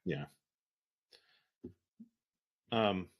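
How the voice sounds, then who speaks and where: A man's voice: deep voice, very slow, muffled recording. A man, a military veteran, telling a story in casual, profane talk and acting out the dialogue of the people in it. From United States. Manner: profane, animated, acts out quoted dialogue. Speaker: veteran guest.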